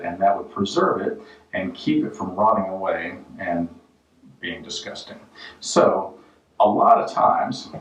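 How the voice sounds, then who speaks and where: A man hosting a home renovation vlog, tossing out dry jokes and offhand life tips in a casual way. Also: low-pitched. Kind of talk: casual joking vlog talk. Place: job site and car. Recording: roomy, distant and dull-sounding.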